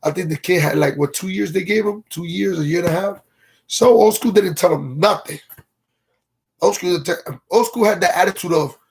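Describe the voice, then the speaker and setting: A man's voice: high voice, a little fast, gravelly, husky. A man telling a long story on a casual livestream, in a slangy, rambling way, stopping now and then to greet viewers in the chat. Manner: slangy, rambling, keeps asking "you feel me"; greets viewers from live comments mid-story.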